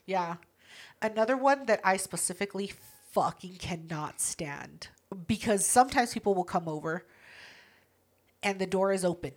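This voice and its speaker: A woman's voice: medium pitch, lively intonation, moderate pace, long pauses. A woman co-hosting a podcast in casual, profane chat, ranting bluntly about things she hates. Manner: blunt, ranting, swears a lot. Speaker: podcast co-host.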